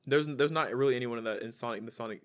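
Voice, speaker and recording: A young man co-hosts a podcast in easygoing chat, his voice at an ordinary middle pitch. He talks in a laid-back, slangy way. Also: rapid-fire, clear, resonant tone. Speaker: podcast co-host. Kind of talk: casual chat.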